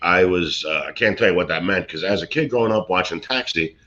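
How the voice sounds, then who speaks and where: Rambling, bright-voiced storytelling man. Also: low-pitched, quick pace. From Brooklyn, USA. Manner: rambling, storytelling with many restarts and fillers. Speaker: actor and comedian guest. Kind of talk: casual chat, anecdotes. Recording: dull lo-fi sound.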